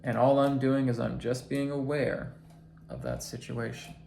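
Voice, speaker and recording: Slow, gravelly-voiced man teaching calmly. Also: mid-range voice. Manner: slow and deliberate, counting breaths aloud. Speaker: self-help teacher. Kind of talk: guided instructional talk. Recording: echoey room with faint noise.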